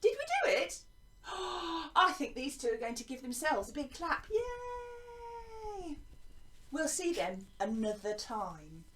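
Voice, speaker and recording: English woman teacher, sing-song voice for small children, high and swooping, echoey room, a bit off-mic. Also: very animated, a little slow, distant mic, background noise. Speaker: primary school teacher. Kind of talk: online lesson for young children.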